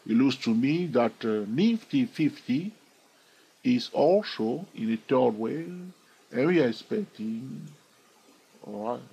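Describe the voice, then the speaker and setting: Guy talking through market charts, kinda husky, keeps tossing in "all right?" and asking the viewers stuff. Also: medium pitch, expressive, slow pace, warm tone, rough recording. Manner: chatty, asks viewers questions, frequent "all right?". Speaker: trading video host. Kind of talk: casual chart walkthrough.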